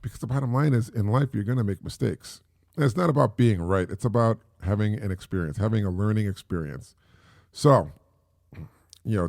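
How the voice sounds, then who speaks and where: Middle-aged guy podcasting solo, gravelly low voice, rambly and chatty, dry close sound. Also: moderate pace, darkish tone, no room sound. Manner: rambling, conversational, with frequent fillers and repeats. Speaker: podcast host. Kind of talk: casual solo podcast talk.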